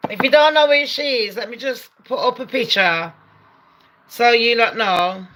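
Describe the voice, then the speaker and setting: A woman commentating on a true-crime video, excitable, loud and swearing a lot. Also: fairly high pitch, measured pace. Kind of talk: live commentary over video.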